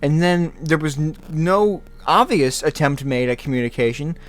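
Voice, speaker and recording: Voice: medium pitch, normal speed. A channel host ranting to the camera, swearing and laughing in exasperation, repeating phrases in frustration. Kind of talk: angry rant to camera.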